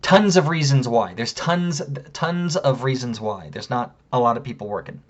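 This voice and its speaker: A man's voice: mid-range voice, normal speed, muffled recording. A man telling a story in an angry, profane rant, heated and indignant. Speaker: vlogger.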